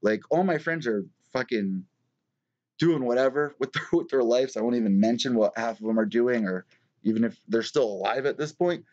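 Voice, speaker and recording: Host, male, mid-pitched, swears freely and wanders off topic, muffled stream audio. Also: normal speed, darkish tone. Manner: profane, rambling storyteller. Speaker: host of a live news show. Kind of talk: casual live-stream chat.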